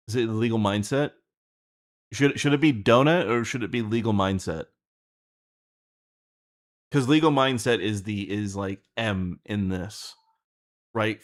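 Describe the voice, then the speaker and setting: A man casually thinking out loud while planning a scene, rambling and halting, with frequent swearing. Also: fairly low pitch. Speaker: streamer writing an animation script.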